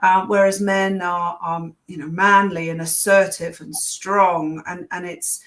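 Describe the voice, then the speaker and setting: Woman novelist, somewhat low pitch, talkative, lots of ums and restarts. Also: little pitch movement, a little slow, a bit bright. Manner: thoughtful, with frequent fillers and restarts. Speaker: author, interview guest. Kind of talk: conversational interview.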